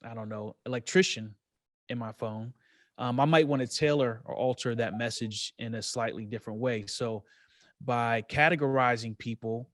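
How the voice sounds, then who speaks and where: A man co-hosting a casual podcast, explaining things in a measured way and thinking aloud with plenty of fillers. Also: mid-range voice, steady tone, a bit bright, no echo, studio quality. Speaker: podcast co-host. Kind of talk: casual real estate podcast chat.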